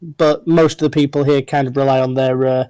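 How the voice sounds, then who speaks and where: A man narrating a tabletop game as game master, describing scenes in an unhurried way with frequent fillers. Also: medium pitch, steady tone, dark tone, clear, resonant tone, dry recording, low-quality recording.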